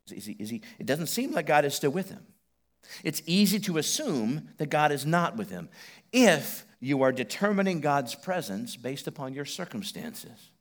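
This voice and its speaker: A middle-aged man preaching a sermon on a church stage, telling stories animatedly and swinging between loud bursts and hushed asides. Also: medium pitch. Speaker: pastor. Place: church stage before a congregation.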